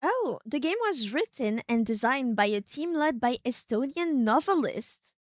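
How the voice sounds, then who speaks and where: A woman streaming a video game, chatting casually, thinking aloud in a rambling way with sudden excited outbursts. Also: high voice, unhurried, no room sound, studio quality.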